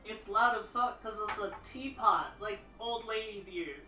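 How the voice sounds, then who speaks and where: A woman's voice: medium pitch, measured pace, pushed and bright, soft background music. A young woman streamer chatting playfully and rambling to her viewers during a live game stream. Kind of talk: casual live-stream chat.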